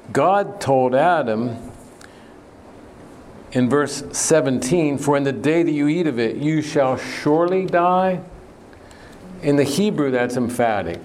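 A man preaching an earnest sermon in a plain mid-pitched voice, pressing on key words and putting questions to the congregation. A faint hum sits behind him.

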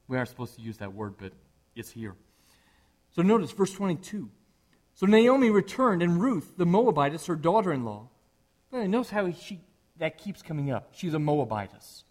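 With a mid-range voice, this middle-aged man, a pastor, delivers his sermon conversationally, occasionally building to animated emphasis.

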